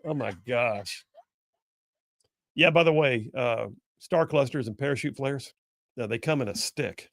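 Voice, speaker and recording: A man's voice: mid-range voice, normal speed, gravelly, fairly bright tone, no room sound, studio quality. A middle-aged man, hosting a call-in radio show in a folksy, joking storytelling manner. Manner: folksy storyteller, jokey asides. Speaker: radio talk show host. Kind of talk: casual call-in talk radio chat.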